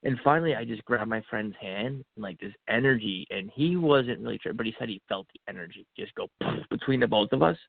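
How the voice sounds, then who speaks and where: A man's voice: medium pitch, lively intonation, brisk, vocal fry, husky, no echo. A man, a podcast guest, telling his own story earnestly and acting out what he said to himself in the moment. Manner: earnest, acts out his own inner dialogue. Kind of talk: personal storytelling. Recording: tinny phone-like line, dry.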